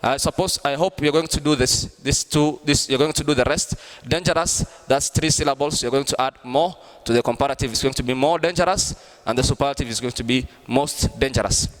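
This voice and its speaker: A man teaching an online grammar lesson, explaining slowly and repeating himself. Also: medium pitch, big-room sound. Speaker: English teacher.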